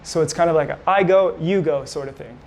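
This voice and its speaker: A man teaching salsa in a voice-over, explaining clearly and calling out the moves as the dancers hit them. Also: a little high, fairly quick, darkish tone. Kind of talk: instructional voice-over commentary.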